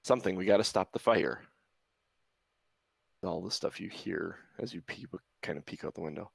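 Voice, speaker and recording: A man narrating a tabletop game as game master, halting and searching for words. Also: sits low, vocal fry, slightly rough, dry recording.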